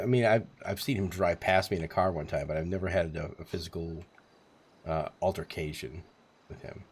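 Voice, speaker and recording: A man's voice: sits low, fairly even intonation, moderate pace, pauses often, breathy edge. A man in his forties telling a rambling, profane story on a live stream, chuckling as he goes. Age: 40s.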